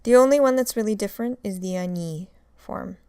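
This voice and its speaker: A woman's voice: medium pitch, fairly quick, warm tone, clean tone, no echo. A woman teaching a recorded grammar lecture, explaining step by step and drilling examples. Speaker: Russian language teacher.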